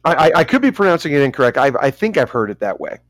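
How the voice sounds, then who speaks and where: A man's voice: mid-range voice, big pitch swings, rapid-fire, no room sound. A man co-hosting a casual podcast chat, rambling, stumbling over names and making self-mocking asides. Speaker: podcast co-host.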